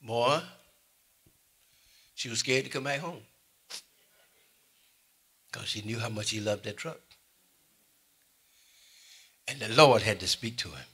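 A man preaching a sermon, swinging between loud calls and quiet asides to his congregation. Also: mid-range voice, takes it slowly, long pauses, breathy edge. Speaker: pastor.

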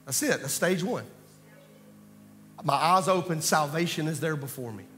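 A man preaching a sermon, swinging between loud calls to wake up and low, close asides to the congregation. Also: normal speed. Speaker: pastor. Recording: reverberant church hall with music.

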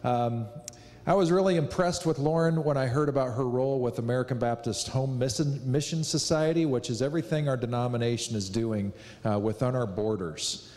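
A male pastor introducing a guest speaker in a relaxed, hesitant way. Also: mid-range voice, fairly quick. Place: church sanctuary. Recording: reverberant church hall.

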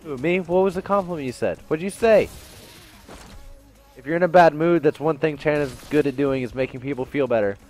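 A young man doing live gameplay commentary, excitable, laughing and yelping, swinging between loud outbursts and mumbles. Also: a little high, a little fast. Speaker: gaming commentator.

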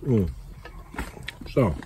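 An older man chatting in a relaxed, rambling way with lots of fillers, vlogging from a canvas teepee with a wood stove in the snowy woods. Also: drawn-out words. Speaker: outdoors vlogger. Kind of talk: casual camp vlog. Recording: outdoor camp recording with steady background noise.

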